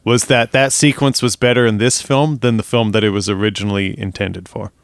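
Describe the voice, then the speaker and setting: A man's voice: on the low side, level tone, fairly quick, vocal fry, clean tone, no room sound, studio quality. A man co-hosting a podcast, chatting casually about movies, mostly reacting with short replies and laughs. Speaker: podcast co-host.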